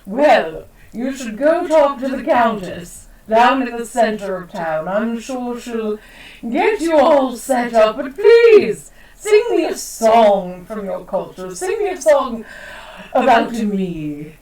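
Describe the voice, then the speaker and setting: A pompous, fancy queen, played by a woman who adores flattery and gushes over everything. She talks slowly and grandly with a lively, swooping voice. The sound is roomy and a bit far from the mic. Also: fairly high pitch. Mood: gushing. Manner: grand and self-satisfied, fishing for praise. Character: vain, pompous female queen, gushing and fancy.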